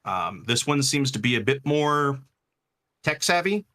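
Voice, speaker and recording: Slow-talking guy running a tabletop game, lots of ums, lowish voice with a sharp edge. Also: sing-song. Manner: halting, filler-heavy narration. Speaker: game master.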